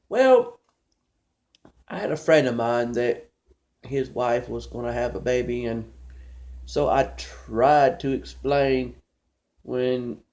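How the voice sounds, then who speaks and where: A man's voice: medium pitch, darkish tone. A man doing a rambling, conversational stand-up comedy monologue, storytelling with many restarts.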